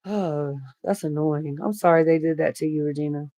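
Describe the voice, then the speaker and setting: A woman's voice: sits low, moderate pace, warm tone, no echo, muffled recording. A middle-aged woman hosting a casual livestream, reading comments aloud and talking bluntly with lots of swearing. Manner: blunt, swears freely, chatty. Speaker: livestream host reading chat.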